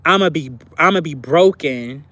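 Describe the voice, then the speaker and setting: A woman's voice: sits low, normal speed, a bit bright. A woman hosting a livestream, talking candidly in a casual, confessional way to her viewers, with lots of filler words. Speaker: livestream host. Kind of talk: casual live chat reacting to viewers.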